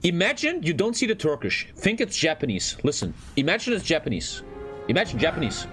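A man hosting a reaction video, blunt, profane and excitable in casual commentary. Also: on the high side, a little fast, soft background music.

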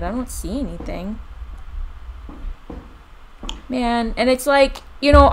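Woman, horror game commentary, animated pitch, slow unhurried pace, faint hiss behind. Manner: jumpy, exclaiming and laughing nervously, talking to viewers. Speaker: gaming video creator.

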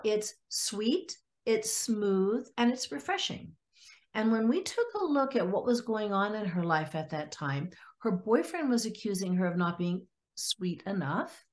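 A woman psychologist, a podcast guest, telling client stories and acting out their words in lively quoted voices. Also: medium pitch. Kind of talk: storytelling in a podcast interview.

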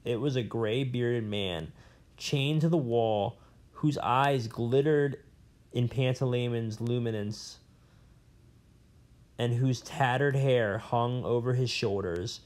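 A man reads a novel aloud at an ordinary pitch. His delivery is plain and unpolished, with small stumbles and restarts. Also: slow pace, darkish tone. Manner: plain reading with slips and an aside. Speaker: reader.

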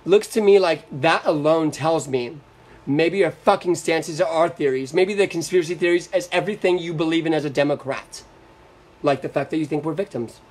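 High-voiced man on a profane rant. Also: normal speed, a little mellow. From Florida. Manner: profane, combative, sarcastic. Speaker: live-stream host. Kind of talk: angry political rant.

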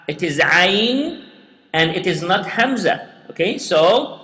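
A man's voice: high-pitched, expressive, slow pace, sharp tone. A man teaching Quran recitation, patiently repeating sounds and words for students to say after him. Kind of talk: slow step-by-step tajweed lesson with recitation. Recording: echoey room with long reverb.

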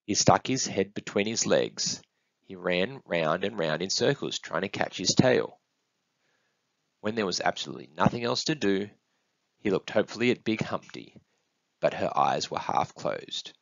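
A man reading a picture book aloud, his low, gravelly voice rising and falling in a lively, sing-song way. The sound is dull and close, with no room echo. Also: moderate pace. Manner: expressive, sing-song storytelling. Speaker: storybook reader. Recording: dull, dry close recording.

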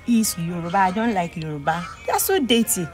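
A woman's voice: fairly low pitch, big pitch swings, brisk, soft background music. A woman with a Nigerian accent on a street blind-date skit, talking in a picky, dismissive way. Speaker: date seeker.

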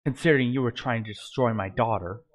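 A man voicing a weary male warrior heading into retirement, calm and dry. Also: mid-range voice, fast, lightly acted.

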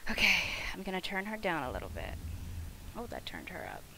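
A woman streaming a video game live, swearing a lot and talking to the enemies on screen, going from loud outbursts to quiet mutters. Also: lowish voice, wildly swooping pitch, fairly quick, gravelly, slight background noise, rough recording. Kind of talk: live gameplay commentary.

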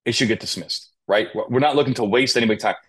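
A man's voice: mid-range voice, quick pace, fairly bright tone, slightly rough. A man on a police podcast who explains legal points with rhetorical questions and acted-out quotes. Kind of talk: conversational interview. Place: Las Vegas.

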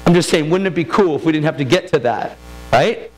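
A man's voice: on the high side, lively intonation, fairly quick, poor audio. A man giving a sermon testimony, telling his story in a casual, streetwise way and acting out the voices of people in it.

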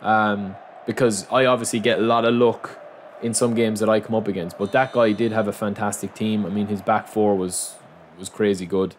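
A young man giving running commentary over his own football video game, muttering to himself and breaking into loud outbursts of frustration. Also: fairly low pitch, level tone, normal speed, a little hiss or hum. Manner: frustrated, muttering self-talk that bursts into loud outcries at the game. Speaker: gaming channel host.

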